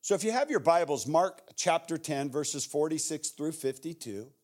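A guest pastor with an American accent preaching a sermon. He acts out shouted voices from the story and drops to a hushed tone when he prays. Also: a little high, animated, moderate pace.

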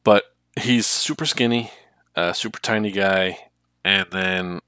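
A man's voice: sits low, a little slow, pushed and bright, smooth, no room sound, clean studio sound. A man co-hosting a casual podcast, chatty and eager to retell plots at length. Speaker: podcast co-host. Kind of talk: casual chat.

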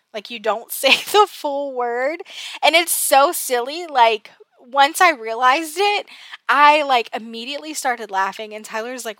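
A woman with a rather high, sharp voice hosts a casual personal podcast, recorded without echo. She chats in an exasperated way, laughs at herself, and fills her speech with lots of fillers.

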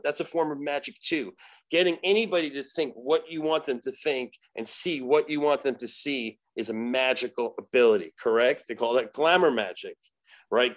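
A man's voice: on the high side, low-quality recording. A man telling stories as a podcast guest in casual, rambling talk full of fillers and swearing. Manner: profane, animated storyteller acting out voices. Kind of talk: casual storytelling.

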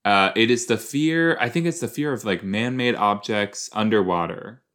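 A man's voice: lowish voice, moderate pace, a bit bright. A man hosting a podcast, rambling playfully and reacting casually to an episode as he watches, with silly made-up words. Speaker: podcast host.

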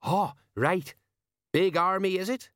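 A man's voice: high-pitched, takes it slowly, a bit bright, no echo, clean studio sound, pitched above the performer's own voice. Man doing a flustered bumbling sergeant. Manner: hesitant, blustering. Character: Sergeant Colon, flustered bumbling male watchman.

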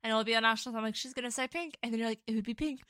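A young woman co-hosting a podcast in casual chat, giggly and quick to react. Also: a little high, a bit bright, no room sound, clean studio sound. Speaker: podcast co-host.

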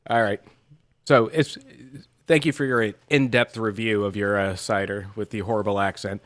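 A middle-aged man hosting a laid-back podcast, wry and quick to laugh. His voice sits low and sounds dry and close, with casual swearing. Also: fairly even intonation, no room sound. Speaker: podcast co-host. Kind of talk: casual chat.

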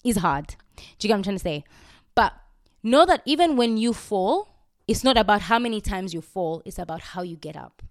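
A woman hosting a faith podcast and answering listener questions in an earnest, casual way, often dropping her voice low and checking that the listener is following. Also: lively intonation, a little fast, no echo, studio quality. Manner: earnest, repeats herself, keeps asking "do you get what I'm trying to say?".

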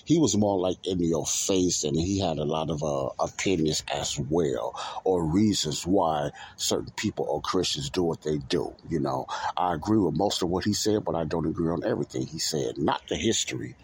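A man hosting a religious podcast in a casual, rambling monologue. He repeats himself, leans on fillers like "uh" and "you know", and slows down to stress key words. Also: extremely low pitch, a little mellow, breathy edge. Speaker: podcast host.

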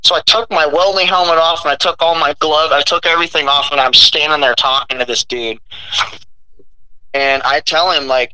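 Bright-voiced, profane young man venting. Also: a little high, moderate pace, clear, resonant tone, rough recording. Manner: profane, blunt, animated storytelling. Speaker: welder. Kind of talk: casual chat, storytelling.

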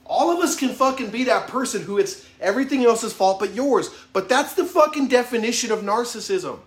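A man's voice: extremely high pitch, lively intonation, a little fast. A man in his thirties giving a blunt, profane motivational talk, open and emphatic about his own weaknesses. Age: 30s. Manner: blunt, heavy swearing, emphatic, self-revealing. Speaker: motivational vlogger. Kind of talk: profane motivational monologue to camera. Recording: echoey room.

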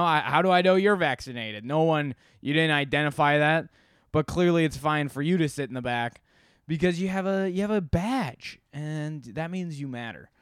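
A man's voice: a little high, a bit bright, smooth, no room sound, studio quality. A young man hosting a podcast, telling a rambling, profane, exasperated story in casual monologue. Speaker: podcast host.

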